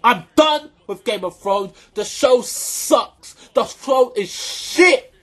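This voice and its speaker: A vlogger giving an angry, profanity-filled reaction rant to camera, often shouting and repeating points for emphasis. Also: medium pitch, lively intonation, takes it slowly.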